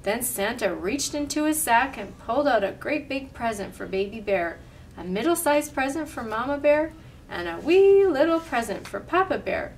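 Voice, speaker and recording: A woman reading a storybook aloud with animated, expressive delivery, then leading a simple craft. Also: on the high side, normal speed, far from the mic, a little hiss or hum.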